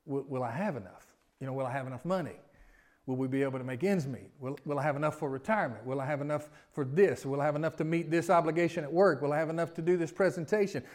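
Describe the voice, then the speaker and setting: A male pastor preaching a sermon, swinging from loud emphatic lines to quiet asides and stacking rhetorical questions. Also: fairly high pitch, quick pace. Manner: repetitive, building lists of rhetorical questions.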